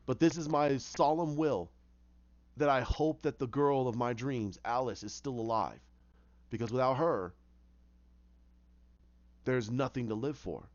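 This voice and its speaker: A man voicing a tormented male villain reading his farewell note in a slow, subdued, mournful way. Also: medium pitch, darkish tone, no room sound, pitched below the performer's own voice, lightly acted. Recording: muffled lo-fi recording.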